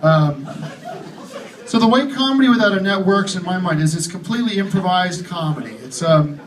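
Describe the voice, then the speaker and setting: A man doing deliberately awkward stand-up comedy, halting and stumbling through his jokes with many restarts and ums. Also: high voice, expressive. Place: live comedy club with audience. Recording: echoey live club recording from far off, loud crowd.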